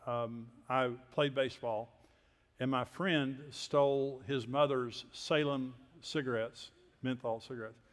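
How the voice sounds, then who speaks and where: An older man from Texas, a preacher telling personal stories in a sermon with folksy, self-deprecating humor and quiet asides. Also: medium pitch, fairly even intonation, a little slow. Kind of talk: sermon storytelling. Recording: long hall reverb.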